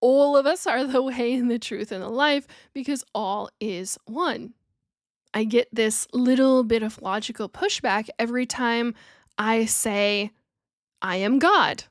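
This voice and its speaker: Woman podcaster, highish voice, earnest w/ playful laughy bits, dry close sound. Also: measured pace, dry recording. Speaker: podcast host. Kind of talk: spiritual teaching monologue.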